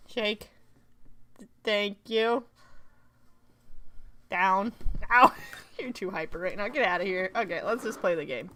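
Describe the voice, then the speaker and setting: A woman's voice: medium pitch, a little slow, pauses often, bright, forceful tone, slight background noise. A woman streaming a game live from home, chatting playfully with her viewers and her dog and laughing often. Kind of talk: live gameplay commentary.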